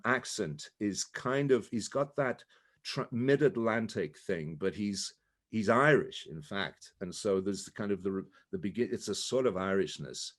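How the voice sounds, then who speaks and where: A man with a southern English accent, a guest actor chatting casually and telling animated stories that slip into voices. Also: lowish voice. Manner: animated storyteller who slips into voices. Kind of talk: casual chat.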